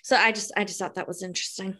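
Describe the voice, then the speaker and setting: A woman co-hosting a podcast, chatting casually about a TV show and pausing often on fillers. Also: medium pitch, steady tone, bright, forceful tone. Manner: chatty, uses many fillers. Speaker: podcast co-host.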